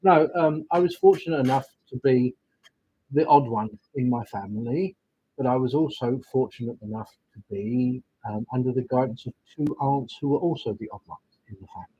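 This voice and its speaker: A man's voice: mid-range voice, fairly quick, mellow, husky, lo-fi sound. A man, hosting a casual live stream, chatting and rambling as he greets viewers. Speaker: livestream host, witch doing readings.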